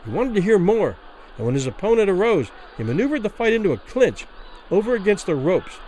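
A man reads a classic boxing story aloud with dramatic, expressive delivery. His voice sits a little higher than most men's and rises and falls in lively waves. The pace follows the tension of the fight. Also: fairly quick, slight background noise, poor audio. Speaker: narrator. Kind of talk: dramatic audiobook narration.

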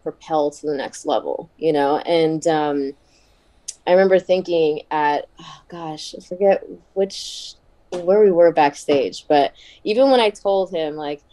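Woman, 30s, podcast guest; low mellow voice, chatty storyteller who laughs often. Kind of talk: casual podcast interview storytelling.

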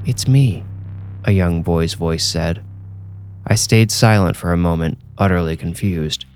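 A man reading a scripted horror story aloud in a measured, hushed storytelling manner. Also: low voice, slight background noise. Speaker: horror story narrator and host.

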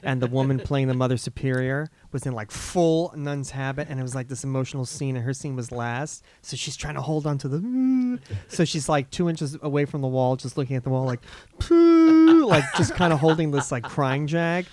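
A male comedian, a guest, chatting casually and telling stories with lively mimicry. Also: medium pitch, brisk, few pauses. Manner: animated storyteller who mimics others with big yells. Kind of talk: casual chat.

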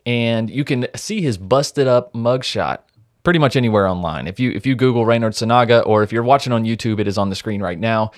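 A man's voice: medium pitch, brisk, dry recording, clean studio sound. A man hosting a true-crime podcast, telling the case in a blunt, wry, profane manner. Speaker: podcast host, storyteller. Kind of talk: casual true-crime narration.

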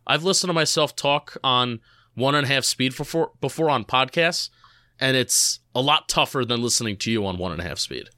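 Male podcast co-host, bright and crisp, quick joking cadence, dry mic. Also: mid-range voice, animated, no echo. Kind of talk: casual podcast chat with ad read.

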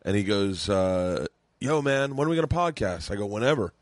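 A man hosting a podcast, telling a story in a relaxed, chatty way and swearing freely. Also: fairly low pitch, a little fast. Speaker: podcast host. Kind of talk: casual chat.

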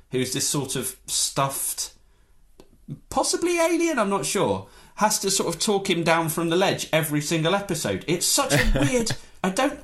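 A man's voice: sits high, fairly bright tone. A man, a journalist guest on a podcast, ranting in mock outrage with a sardonic, comic edge. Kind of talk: casual podcast chat.

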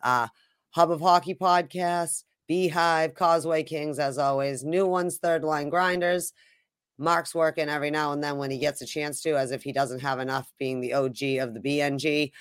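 A woman's voice: low voice, steady tone, normal speed, clear, resonant tone, no room sound, clean studio sound. A woman co-hosting a sports podcast in casual chat, teasing and joking with her partner. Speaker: podcast co-host.

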